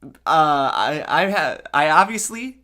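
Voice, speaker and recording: An excitable podcast co-host chats casually about fan fiction. The voice sits at a middle pitch and gushes with enthusiasm, and the host often stumbles and restarts sentences. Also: slow. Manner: gushing, excitable, frequent restarts and laughter.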